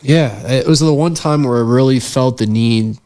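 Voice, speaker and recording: A man's voice: medium pitch, moderate pace, warm tone. A young man, a podcast guest and filmmaker, telling a story in a casual interview, earnest and reflective with many fillers.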